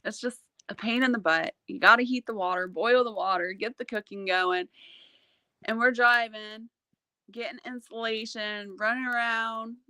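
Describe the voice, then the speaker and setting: A woman hosts a casual livestream, swapping stories with an easy, animated chattiness and frequent laughter. Her voice is bright and clear, and the recording sounds close and dry, with no room around it. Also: a little high, moderate pace, no echo. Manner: laughs often while telling stories. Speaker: livestream host.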